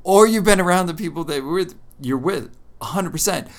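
A man's voice: sits high, lively intonation, brisk. A man from southeastern Pennsylvania with a local accent, co-hosting a podcast in an easygoing, teasing chat. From Lancaster County, Pennsylvania. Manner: easygoing, teasing, with frequent fillers. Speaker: podcast co-host.

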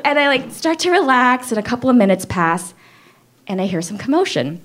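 A young adult woman telling a personal story to an audience, chatty and full of "like", acting out quoted lines with big jumps in pitch. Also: sing-song, fairly quick, a bit bright.

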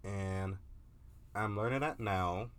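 A man's voice: fairly low pitch, slow. A young man vlogging in a candid, casual confessional monologue, profane and peppered with filler words.

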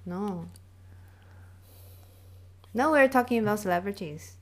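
A woman co-hosting a casual podcast, playful and quick to laugh. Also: medium pitch, lively intonation. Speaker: podcast co-host. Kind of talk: casual chat.

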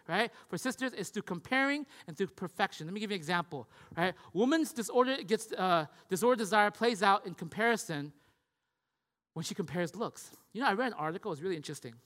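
A man's voice: sits high, bright, forceful tone. A man preaching a sermon in a conversational way. He keeps asking "right?" and acts out the voices of the people he describes. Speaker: pastor. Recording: long hall reverb.

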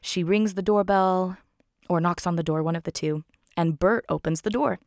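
A woman's voice: lowish voice, normal speed, darkish tone, no echo, clean studio sound. A woman casually retelling a film scene by scene, chatty and giggling often.

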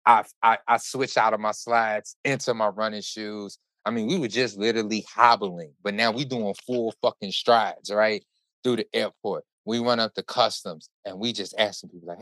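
Deep-voiced man telling a profane story. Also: moderate pace, dry recording. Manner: animated, profane, run-on storytelling. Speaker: podcast host. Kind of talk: casual storytelling chat.

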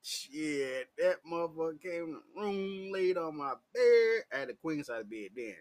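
Man, unfiltered vlogger; fairly high voice that swoops wildly, unhurried delivery, salty and theatrical. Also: lively intonation, darkish tone. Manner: profane, laughing, theatrical. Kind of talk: raw confessional storytelling.

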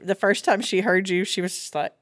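A woman's voice: mid-range voice, fairly even intonation, fairly quick, no echo, studio quality. Teasing middle-aged woman podcast host. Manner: teasing, motherly, chatty with fillers. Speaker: podcast host, farm co-owner. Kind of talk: casual podcast chat.

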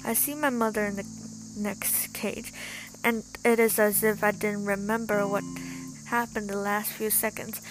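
A woman's voice: medium pitch, fairly even intonation, a little slow, noisy background. A woman reading a first-person story aloud in an emphatic, dramatic storytelling manner.

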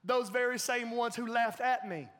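A man preaching a sermon as pastor, animated and laughing often, in a church sanctuary with a reverberant hall sound. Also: very high voice, moderate pace.

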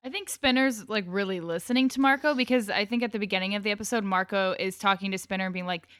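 A young woman with a smooth, clear voice talks casually on a podcast about a TV episode, full of fillers and quick laughs. Her pitch sits in the middle of the range, and the sound is dry and close to the mic. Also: fairly bright tone, no echo. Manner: chatty, filler-heavy, laughs easily. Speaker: podcast co-host. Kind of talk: casual chat recapping a TV episode.

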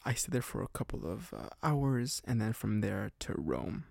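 A man's voice: lowish voice, very animated, moderate pace, gravelly, a little mellow, no room sound, clean studio sound. A young man from Canada telling a casual story on a podcast, rambling with lots of "like" fillers and frequent laughs. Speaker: podcast host.

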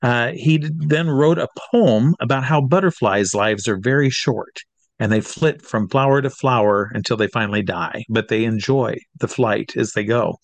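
A middle-aged man from Iowa, an entertainer telling a lively anecdote and acting out the people in it. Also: mid-range voice, no echo. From Iowa, USA. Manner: lively storyteller who acts out the people he quotes. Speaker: entertainer guest. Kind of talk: animated anecdote.

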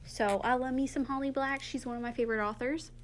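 A woman in casual chat, retelling a book's plot with animated quotes from its characters. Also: sits high, fast, slight background noise. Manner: animated, acts out quotes from the book. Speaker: book podcast co-host.

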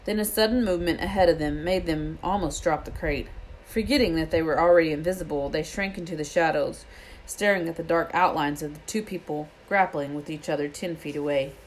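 A woman reading a children's book aloud in a steady storytelling way, with small slips. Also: low-pitched, a little fast, few pauses, a little hiss or hum. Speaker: reader.

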